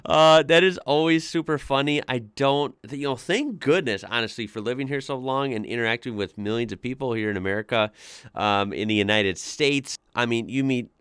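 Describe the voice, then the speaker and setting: A man who is a YouTuber, reading comments aloud and reacting to them in an animated way, laughing often. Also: medium pitch, normal speed, smooth, no echo, clean studio sound.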